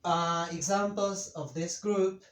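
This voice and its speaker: A man teaching a Spanish grammar lesson in English, speaking slowly and deliberately with frequent fillers and pauses. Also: high voice, a little hiss or hum. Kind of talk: slow, careful grammar lesson. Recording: echoey room.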